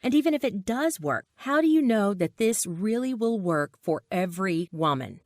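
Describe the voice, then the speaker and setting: A jeering inner voice, put on by a woman narrator, scolding and mocking. Its pitch swoops up and down as it taunts, and the sound is dry with no room around it. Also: expressive, moderate pace, no echo, lightly acted. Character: jeering, evil inner alter ego voice.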